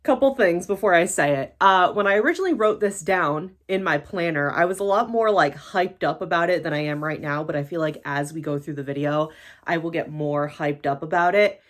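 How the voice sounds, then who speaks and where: A woman from the United States talking casually and bluntly to her camera, swearing freely in a vlog rant. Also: fairly quick. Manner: blunt, swearing, animated swings in pitch. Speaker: YouTuber.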